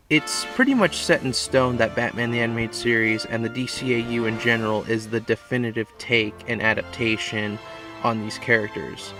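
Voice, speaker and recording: A man's voice: mid-range voice, pushed and bright. A man reading a scripted tribute narration in an earnest, reflective way. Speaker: video essay narrator. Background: music.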